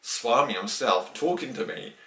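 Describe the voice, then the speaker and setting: A man's voice: mid-range voice, normal speed, gravelly, slight background noise. Distant-sounding man telling a story. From New Zealand. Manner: animated, acts out quoted dialogue, many restarts. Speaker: interviewee. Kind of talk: casual storytelling interview. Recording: roomy, distant from the mic.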